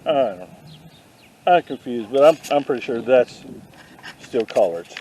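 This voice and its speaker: A man vlogging a walk through an outdoor garden, dropping deadpan puns as he goes. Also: mid-range voice, a little slow, rough recording. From not from the South. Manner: deadpan punning asides. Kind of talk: joking walk-through commentary. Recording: faint outdoor noise.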